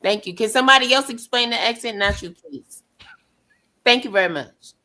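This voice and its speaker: Bright, high, sarcastic woman. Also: moderate pace. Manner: sarcastic, mocking, teasing. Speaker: podcast co-host. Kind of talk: casual chat.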